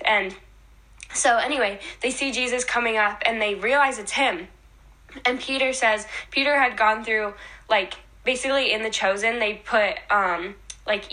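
Young woman co-host, bright voice, excitable and chatty, leans on "like" while recounting. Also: mid-range voice. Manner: enthusiastic, retells scenes with many fillers. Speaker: podcast co-host. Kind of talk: casual faith chat.

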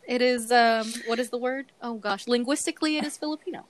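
A woman's voice: fairly high pitch, fairly quick. A woman co-hosting a podcast in casual chat, giggly and chatty, often hedging with fillers as she shares facts. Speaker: podcast co-host sharing facts. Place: Bay Area.

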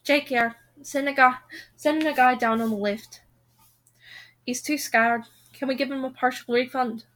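A woman reading aloud and voicing a young man giving brisk instructions over a work radio. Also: high voice, steady tone, a bit bright, rough recording.

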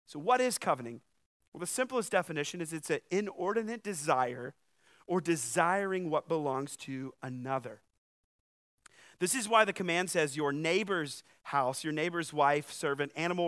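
A man's voice: on the high side, fairly bright tone. Casual joking man preaching a sermon. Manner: conversational, joking asides, rising emphasis. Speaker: pastor.

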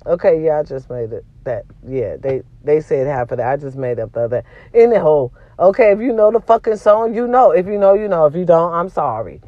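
A woman's voice: low-pitched, expressive, brisk, hardly any pauses, no echo, dull audio. Profane woman venting with a sore throat. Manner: blunt and profane, swings between loud and quiet. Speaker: vlog host. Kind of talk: casual venting monologue to viewers.

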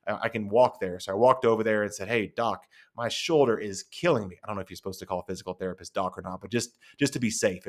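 Low-voiced man telling a personal story. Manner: conversational, rambling with asides. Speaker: podcast host.

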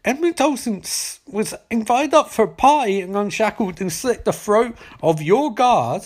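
A man's voice: on the high side, normal speed, darkish tone, lightly acted. A man putting on a foul-mouthed male governor who rants and scolds while recapping a TV episode. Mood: ranting. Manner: ranting, scolding.

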